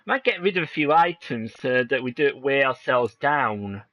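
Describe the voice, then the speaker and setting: A man's voice: mid-range voice, animated, normal speed, no room sound, dull audio. A man streaming a video game, chatting in rambling, joking asides. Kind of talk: casual game commentary. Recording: voice over game music.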